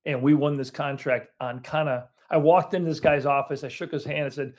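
A man's voice: a little high, fairly even intonation, fairly quick, hardly any pauses, darkish tone. A man, a business owner, telling his story in a casual interview with many restarts and fillers. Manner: rambling, self-correcting storyteller.

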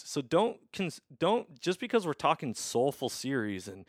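A man's voice: a little high, very animated, moderate pace, no room sound, studio quality. A man hosting a podcast conversation over a video call, talking in a reflective, emphatic way and often restarting his sentences. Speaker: podcast host. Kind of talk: casual conversation.

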